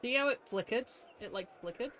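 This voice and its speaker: A high, lively woman's voice, streaming a game and grumbling her way through it. She sounds exasperated but keeps breaking into laughter, and there is a faint hum of background noise behind her. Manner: grumpy, exasperated, quick to laugh. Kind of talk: live game stream chat.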